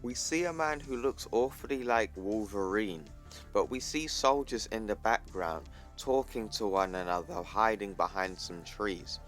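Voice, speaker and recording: A man's voice: lowish voice, a little slow, fairly bright tone, faint music behind. A man casually retelling a comic book story as a video creator. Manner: casual, plainly retelling panels. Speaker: YouTuber.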